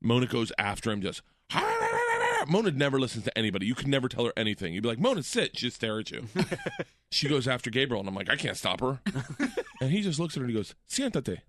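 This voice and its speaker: A man's voice: medium pitch, animated, fast, fairly bright tone, dry recording. A man hosting a podcast, telling funny stories, laughing often and acting out other voices. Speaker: podcast host. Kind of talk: comic storytelling chat. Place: Los Angeles.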